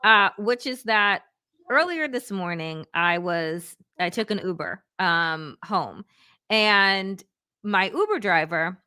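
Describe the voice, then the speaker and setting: Bright, lively woman telling a story. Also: mid-range voice, takes it slowly, clear, resonant tone, dry recording, studio quality. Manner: lively, quotes others in voices, laughs often. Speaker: political analyst. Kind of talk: casual chat, animated storytelling.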